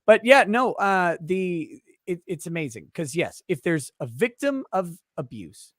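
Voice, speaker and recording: A man's voice: sits high, very animated, a little slow, no echo, clean studio sound. Joking man hosting a live stream. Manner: loose, joking, rambling with restarts. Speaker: host. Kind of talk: casual live-stream chat.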